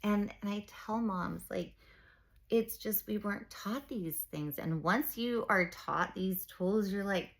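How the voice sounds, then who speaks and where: A woman's voice: mid-range voice, slow, creaky, fairly bright tone. A woman in her forties talking openly about her own struggles and coaching other moms, an emphatic storyteller who acts out what people said. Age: 40s. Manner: open, emphatic storyteller, many fillers, acts out quoted speech. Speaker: mom coaching women through reinvention. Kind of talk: candid personal talk.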